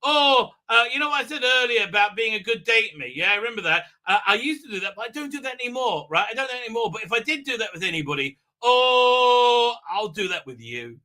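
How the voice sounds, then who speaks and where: A man's voice: very high-pitched, lively intonation, fast talker, few pauses, pushed and bright, pitched above the performer's own voice, full character voice. A man mockingly voicing the Doctor as a flustered, panicky woman time traveller, gushing and breathless. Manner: breathless, gushing, overexcited mockery.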